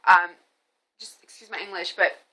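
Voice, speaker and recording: A woman speaks in a casual, rambling monologue as a spiritual reader with her own channel. Her voice is bright and sharp, with an animated delivery. She circles back often and fills gaps with small fillers. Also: medium pitch, moderate pace, low-quality recording.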